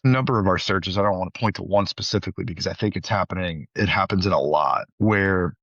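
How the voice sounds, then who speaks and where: A very deep, gravelly male voice talks in a reflective, unhurried way, often circling back to restart a thought. The sound is close and dry. The audio is dull and muffled, lo-fi. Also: a bit bright, no room sound. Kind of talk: conversational interview.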